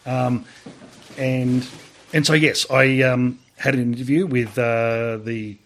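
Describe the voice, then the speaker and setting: A man's voice: medium pitch, fairly even intonation, slow, a bit bright, a little hiss or hum. An Australian man in his forties, an army veteran being interviewed, telling stories casually, swearing freely and acting out remembered dialogue.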